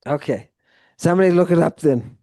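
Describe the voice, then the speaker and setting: A man's voice: a little high, fairly quick, dark tone, no echo, clean studio sound. A man tutoring a student one-on-one through Greek vocabulary, explaining grammar at length and encouraging her. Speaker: Greek teacher. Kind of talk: live tutoring session.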